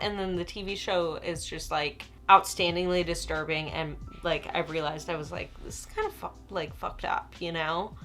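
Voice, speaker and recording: A woman's voice: on the low side, pushed and bright. A young woman talks casually from home, chatty and self-deprecating. She trails off and restarts words as she goes. A little music plays faintly behind her voice. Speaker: booktuber. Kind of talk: casual chat.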